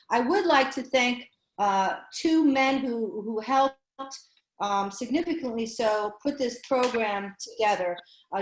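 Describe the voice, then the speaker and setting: A woman with a New York accent, moderating a panel and introducing speakers, talking quickly with many fillers and restarts. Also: on the high side, roomy sound, low-quality recording. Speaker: panel moderator, university program director. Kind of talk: panel introduction on a video call.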